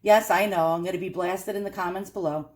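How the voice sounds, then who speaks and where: A woman's voice: lowish voice, steady tone, brisk. A woman from Queens with a strong New York accent, chatting casually and laughing at herself as she shows off antiques in a vlog. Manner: chatty, self-deprecating, laughs often. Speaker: antiques collector vlogger. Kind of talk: casual show-and-tell vlog.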